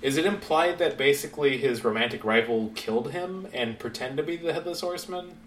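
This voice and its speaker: A laid-back man chatting on a podcast. He talks quickly at a mid pitch. Faint noise sits behind him. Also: a bit bright. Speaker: podcast co-host. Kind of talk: casual chat.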